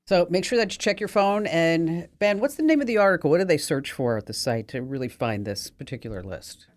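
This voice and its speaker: Woman, low voice, podcast host, playful joke-teller, casual chat. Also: lively intonation, fairly quick, darkish tone. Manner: playful joke-telling, laughs easily.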